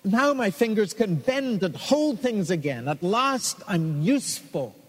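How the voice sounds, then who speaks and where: A grateful working man, fervent and heartfelt, read aloud by a man. The voice is fairly high for a man and carries a long, hall-like echo. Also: big pitch swings, a little slow, slightly rough, exaggerated voice.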